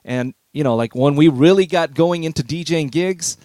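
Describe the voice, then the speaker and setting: A man's voice: a little high, moderate pace, mellow, no echo, studio quality. A middle-aged man, a veteran DJ, telling stories in an easygoing, reminiscing way during an interview. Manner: easygoing, reminiscing, chuckles often. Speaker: veteran DJ guest. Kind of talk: relaxed storytelling interview.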